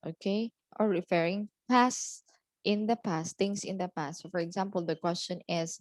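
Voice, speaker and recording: A woman teaching exam speaking skills in a deliberate, explanatory way, often pausing on "okay" and "so" between points. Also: medium pitch, darkish tone, no echo. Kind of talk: explanatory lesson.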